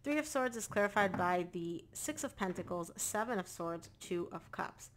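A woman's voice: mid-range voice, expressive, moderate pace, a little hiss or hum. A woman giving a casual tarot reading to camera, talking straight to the viewer and repeating phrases for emphasis. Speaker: tarot reader.

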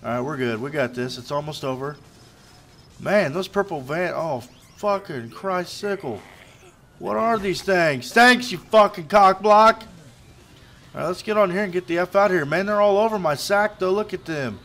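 A man's voice: fairly high pitch, animated, moderate pace, fairly bright tone. A young man giving casual let's play commentary, frustrated and swearing, muttering to himself between bursts.

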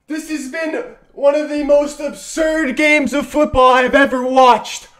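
Excitable young man yelling at a match. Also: extremely high pitch, unhurried, few pauses, some chatter behind. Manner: swings from muttering to frantic shouting and swearing. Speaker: football fan reacting to a match. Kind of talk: live match reaction.

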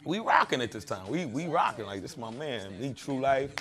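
A man's voice: medium pitch, very animated, normal speed, fairly bright tone. A man being interviewed, telling stories in a blunt, profane, streetwise way. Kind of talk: casual interview talk.

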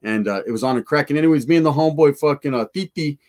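Man spinning a raw, cussing street tale for viewers, pitched a touch high. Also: racing. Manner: profane, slangy, animated street storytelling. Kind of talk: casual storytelling to a live chat.

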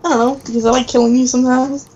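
A woman's voice: high voice, a little mellow, highs cut off. Teasing young woman with the hiccups. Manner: teasing, giggly, curt. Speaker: gamer. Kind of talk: casual gameplay chat. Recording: faint background noise.

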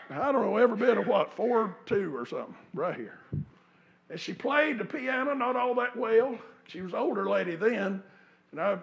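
A man's voice: sits high, vocal fry, dull audio. A man preaching a sermon in a church, telling folksy stories and building to fervent outbursts. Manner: folksy storytelling, rising to fervent shouts. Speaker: pastor. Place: church sanctuary.

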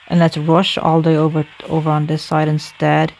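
A man's voice: a little high, completely flat delivery, moderate pace, creaky, darkish tone. A man giving live gameplay commentary, thinking aloud, correcting himself and talking to his viewers.

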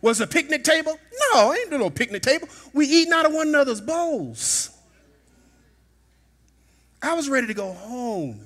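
A middle-aged man preaching a sermon in a church, telling a personal story and rising to shouts at its peaks. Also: very high-pitched, very animated, moderate pace, long pauses. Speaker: pastor. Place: church sanctuary.

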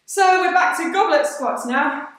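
A woman's voice: very high-pitched, animated, measured pace, a bit bright. A woman leading a live workout, cheerful and encouraging, out of breath between exercises. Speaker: fitness instructor. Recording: echoey room, voice from a distance.

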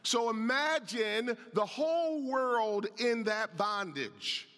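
A man's voice: extremely high pitch, lively intonation, slow, fairly bright tone. A man preaching a sermon as pastor, with a passionate delivery that lifts into a sing-song cadence. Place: church sanctuary. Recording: reverberant church hall.

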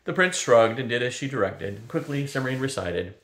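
A man's voice: medium pitch, animated, moderate pace, fairly bright tone. Older man reading a storybook aloud. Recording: roomy echo.

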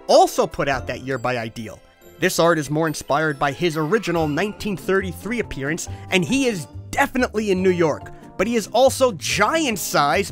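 Animated man hosting a toy countdown. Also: sits high. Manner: exasperated, jokey, voice cracking upward when flustered. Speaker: host. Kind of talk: comedic toy history narration.

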